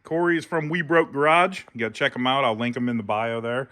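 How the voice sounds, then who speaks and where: A man's voice: mid-range voice, steady tone, fast talker, pushed and bright, clear, resonant tone. A man from Ohio hosting a car vlog, chatting casually and joking, laughing often and swearing freely. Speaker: channel host, car builder. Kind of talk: casual chat to camera. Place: outdoor car lot.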